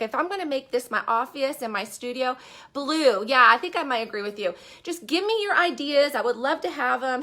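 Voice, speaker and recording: An online business coach gives an upbeat, chatty live-stream talk in a high-pitched voice with a sharp tone. Speaking from a bedroom in her house, she often puts questions to her viewers.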